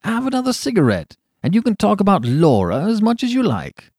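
A man's voice: sits high, wildly swooping pitch, fairly quick, darkish tone, dry recording, clean studio sound, pitched above the performer's own voice, heavily acted. A man reading aloud who voices an amused, worldly young painter who teases his friend. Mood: teasing. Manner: teasing, breezy, given to laughter.

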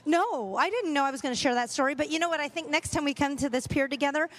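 High-voiced woman telling candid stories. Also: lively intonation, quick pace. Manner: candid storyteller, laughs often. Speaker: podcast host. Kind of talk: casual chat.

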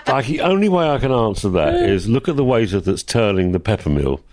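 A man's voice: fairly low pitch, big pitch swings, fairly quick, a little mellow. An older man chatting as a podcast guest, telling anecdotes and ranting with mock outrage. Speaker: guest, host's father. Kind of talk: casual chat, anecdotes. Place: workplace full of vintage cars.

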